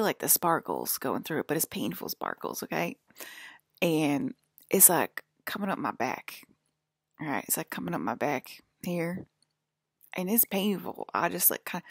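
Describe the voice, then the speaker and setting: A woman with a lowish, gravelly voice and a breathy rasp runs through a loose, rambling monologue. She leans on "like" and drifts from one thought to the next in an offhand way. The sound is close and dry, with no room to it. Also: animated, moderate pace, no echo. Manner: rambling, full of "like" fillers; offhand, drifts between topics.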